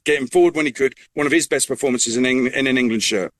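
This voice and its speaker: A man's voice: medium pitch, fast talker. A man giving post-match radio analysis, enthusiastic and full of praise for the players. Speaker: football reporter.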